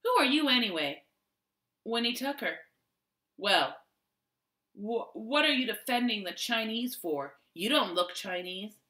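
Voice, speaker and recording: A woman's voice: fairly high pitch, expressive, measured pace, pauses often, bright, forceful tone, echoey room. Woman doing a cocky little boy. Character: rude freckled boy about eight.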